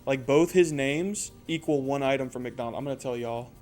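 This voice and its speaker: A man's voice: medium pitch, moderate pace, a little mellow, soft background music. A man in his twenties telling a casual, profane story with lots of energy. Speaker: storyteller host.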